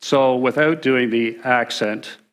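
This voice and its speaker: A man's voice: medium pitch, takes it slowly, roomy sound. A man giving a sermon in a church, breaking it up with joking, self-deprecating asides. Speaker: guest preacher. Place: church sanctuary.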